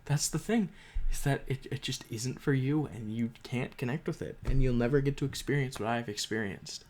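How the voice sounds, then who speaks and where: A man's voice: medium pitch, normal speed, a little mellow. A young man giving a casual spoken book review, emotional and rambling, with frequent restarts and fillers.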